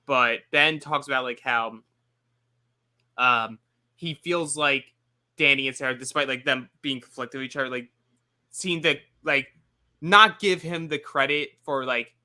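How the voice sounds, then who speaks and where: Bright-voiced rambling male co-host. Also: medium pitch, unhurried, pauses often. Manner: rambling, heavy on "like" fillers. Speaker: after-show co-host. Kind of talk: casual recap chat.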